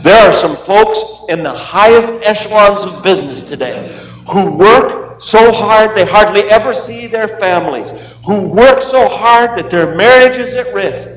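A man's voice: sits high, lively intonation, unhurried. Man telling a story in an echoey hall. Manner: dramatic storyteller, swings between hushed and emphatic. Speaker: comedian and Christian speaker. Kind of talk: storytelling talk to an audience. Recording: echoey hall audio played from a video clip.

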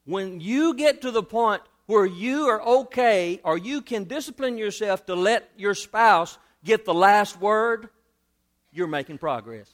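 High-voiced preacher, animated. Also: male voice, unhurried. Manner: animated preaching, repeats phrases for emphasis. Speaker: pastor. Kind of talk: sermon.

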